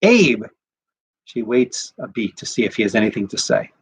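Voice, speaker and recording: A rabbi reading a short story aloud in a measured, expressive way. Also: male voice, lowish voice, husky, rough recording. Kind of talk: scripted narration of a short story.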